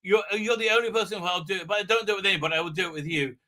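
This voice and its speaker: A man's voice: high-pitched, very fast, pushed and bright. A man mockingly voicing the Doctor as a flustered, panicky woman time traveller, gushing and breathless. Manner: breathless, gushing, overexcited mockery.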